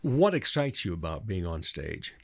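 A man hosting an interview show, asking questions in a halting way with lots of fillers, often laughing. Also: deep voice, very animated, gravelly, breathy edge. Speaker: radio show host. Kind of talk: casual interview.

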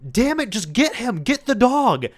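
A man voicing an angry father shouting at his teenage son to catch a loose dog. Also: very high voice, big pitch swings, a little slow, voice pushed up, exaggerated voice. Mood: exasperated. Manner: shouting, exasperated. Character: angry dad yelling at his teen son.

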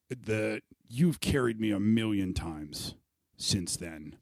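A man's voice: on the low side, takes it slowly, no room sound, studio quality. A man in his thirties chatting casually as a podcast host, profane, self-mocking and emotional. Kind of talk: casual chat.

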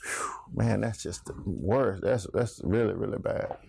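A man's voice: fairly low pitch, unhurried, creaky, a little mellow, slightly rough, no echo. A middle-aged man teaching a Bible class in a folksy sermon style, asking the class questions. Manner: folksy, laughs often, asks the class questions.

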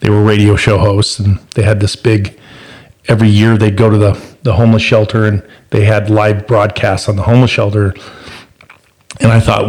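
A middle-aged man hosting a podcast, telling a family story in a casual, animated way and acting out the voices in it. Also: fairly low pitch, moderate pace. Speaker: podcast host and father.

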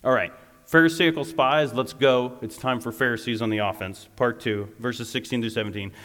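A man preaching a lively, conversational sermon as a youth pastor, often turning aside to talk to the listeners. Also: mid-range voice, normal speed, long reverb tail.

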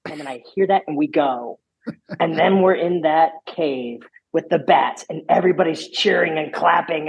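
A man on a podcast panel telling a ride story with excitement, shouting quoted lines. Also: fairly high pitch, normal speed, slightly rough, lo-fi sound. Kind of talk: casual chat.

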